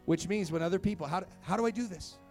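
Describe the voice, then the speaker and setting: A man's voice: high voice, quick pace, a little mellow, soft background music. A young man, a pastor, preaching to kids and adults in a church, telling his story with rising emphatic calls. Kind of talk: sermon to youth and church. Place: church sanctuary.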